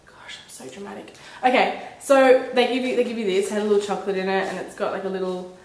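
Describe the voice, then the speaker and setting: Bubbly young woman vlogging in an echoey room. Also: fast. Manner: chatty and bubbly, animated storytelling. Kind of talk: casual chat to camera. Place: indoors at home, a small room. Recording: echoey room with faint rumble.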